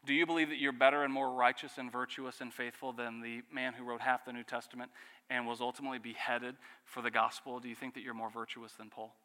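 A man with a bright, forceful voice preaches a sermon. He presses the listeners with rhetorical questions and lets key phrases fall quiet. A long reverb hangs behind him, as in a large hall. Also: medium pitch, flat delivery, quick pace. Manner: earnest preaching with rhetorical questions and dramatic drops in volume. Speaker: pastor.

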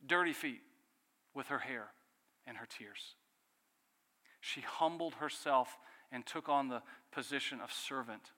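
A man with a bright, forceful voice preaches a sermon. He presses the listeners with rhetorical questions and lets key phrases fall quiet. A long reverb hangs behind him, as in a large hall. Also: medium pitch, a little slow. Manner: earnest preaching with rhetorical questions and dramatic drops in volume. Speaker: pastor.

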